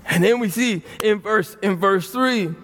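High-voiced preacher in an echoing hall. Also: male voice, measured pace. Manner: impassioned, swinging from quiet to loud with heavy repetition. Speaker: pastor. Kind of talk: sermon. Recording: long reverb of a large hall.

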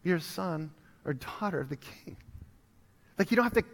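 A male pastor preaching a sermon, telling a story with animated swings from urgent loud appeals to hushed, quiet moments. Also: high-pitched, normal speed, in a large hall. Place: church sanctuary.

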